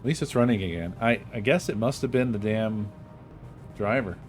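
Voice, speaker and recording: A man's voice: fairly low pitch, moderate pace, faint music behind. A man streaming a game, venting in a casual, frustrated way and swearing often; he says he is not feeling well. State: feeling unwell. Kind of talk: casual gaming stream chat.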